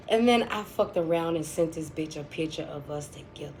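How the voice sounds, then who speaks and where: A woman's voice: deep voice, expressive, fairly quick, few pauses, noisy background. A woman telling a personal story in a casual vlog, blunt and chatty, full of profanity and dramatic asides.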